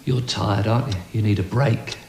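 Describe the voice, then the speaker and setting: An actor playing a calm, soothing man who speaks in a measured way. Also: fairly low pitch, gravelly, a little hiss or hum. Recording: reverberant hall with loud music.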